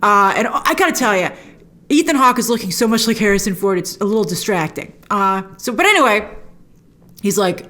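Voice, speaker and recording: Animated woman host with a lively pitch. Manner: animated, acts out scene lines in quick put-on voices. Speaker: host reviewing a TV episode. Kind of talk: casual chat.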